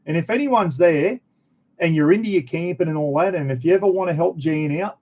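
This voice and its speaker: A middle-aged man with an Australian accent talks casually to his live chat, rambling and full of slang. His voice sits a little high but sounds mellow and relaxed. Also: a little fast. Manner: chatty, rambling, blokey slang. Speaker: channel host answering live chat.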